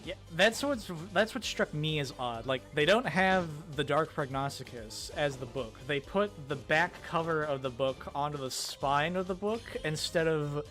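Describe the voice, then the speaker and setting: A man's voice: fairly high pitch, a bit bright. A man co-hosting a game mod stream, rambling casually with frequent laughs and casual swearing. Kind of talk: casual let's-play commentary. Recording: faint music in the background.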